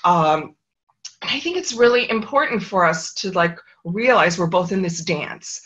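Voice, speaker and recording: A woman's voice: lowish voice, animated, unhurried, fairly bright tone. A middle-aged woman, an author and interview guest, telling a personal story in a reflective, earnest way. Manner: reflective, earnest, with brief quoted voices.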